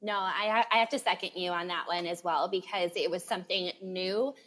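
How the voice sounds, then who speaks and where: A woman's voice: on the low side, fairly even intonation, fairly quick, a bit bright. A woman co-hosting a book podcast, chatting with enthusiasm and frequent giggles. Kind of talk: casual book chat.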